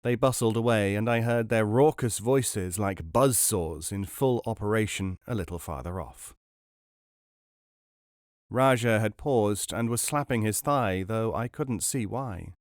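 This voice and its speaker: A man narrating a book aloud in a measured, expressive storytelling manner. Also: on the low side, no echo, studio quality. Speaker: podcast narrator. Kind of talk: audiobook reading.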